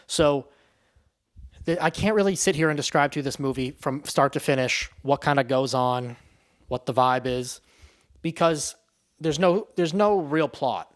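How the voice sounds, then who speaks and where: A man's voice: medium pitch, moderate pace. A man giving a casual spoken movie review, rambling and swearing in a loose, offhand way.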